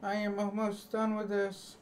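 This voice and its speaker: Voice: mid-range voice, monotone, a little slow, far from the mic, a little hiss or hum. A live streamer chatting casually to viewers, rambling and joking, laughing at their own jokes.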